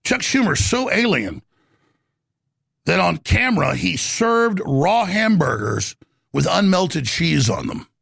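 Raspy gravelly radio host guy, kinda high voice, rambling heated rant. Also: very animated, takes it slowly, a bit bright, no echo, studio quality. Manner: rambling, heated, jumps between topics. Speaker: talk show host. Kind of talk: talk radio monologue.

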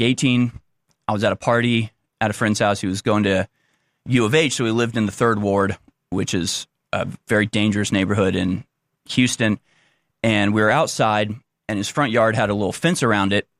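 A man's voice: mid-range voice, fairly bright tone, no room sound, clean studio sound. A man giving blunt, combative opinion commentary on a clip he is playing, insulting those he disagrees with.

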